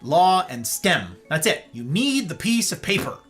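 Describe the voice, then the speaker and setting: A man's voice: high-pitched, sing-song, unhurried, a bit bright, soft background music. A male host giving an emphatic, sarcastic monologue on a live-streamed talk show, with playful asides.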